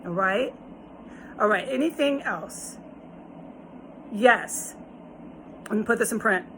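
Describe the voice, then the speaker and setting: A woman's voice: mid-range voice, takes it slowly, sharp tone, slight background noise, low-quality recording. A woman talking straight to her viewers in a rambling, emphatic monologue, swearing often and lecturing them. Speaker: vlogger. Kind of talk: direct-to-camera monologue.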